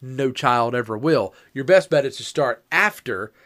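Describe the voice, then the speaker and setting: A man's voice: mid-range voice, lively intonation, normal speed, a bit bright. A man and young father chatting about parenting, explaining things point by point with dry humor. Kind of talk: casual chat about parenting.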